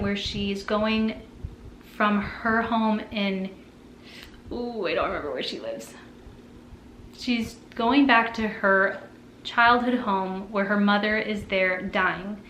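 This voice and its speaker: A woman's voice: mid-range voice, fairly bright tone, a little hiss or hum. A young woman talking casually about books, chatty, often trailing off and restarting her sentences. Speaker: book vlogger. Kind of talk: casual chat. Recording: echoey room with faint ambience.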